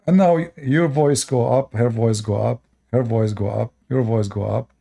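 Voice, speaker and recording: A man from the Middle East, a native Arabic speaker with an Arabic accent, lectures viewers on his live stream through short, repeated orders in broken grammar. He talks at normal speed with hardly any pauses, and his mid-range voice is mellow with vocal fry.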